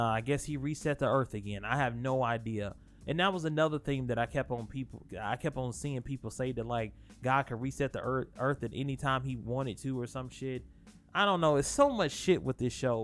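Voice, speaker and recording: A man hosting his own channel, rambling casually through spoilers with lots of swearing, fillers and restarts. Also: a little high. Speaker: channel host.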